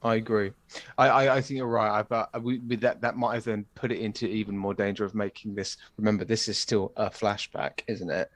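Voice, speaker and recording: Brief: laid-back young British co-host, dry close mic. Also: male voice, lowish voice, fairly even intonation, brisk, no echo. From United Kingdom. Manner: easygoing, agreeable, recaps with slang. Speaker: podcast co-host. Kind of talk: casual chat.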